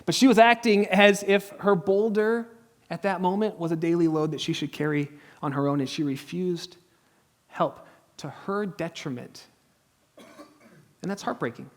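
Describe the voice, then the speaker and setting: A man in his thirties, a pastor preaching a sermon in a conversational, humorous way, telling stories and dropping to a hush at tense moments. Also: a little high. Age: 30s. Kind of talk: sermon with storytelling. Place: church.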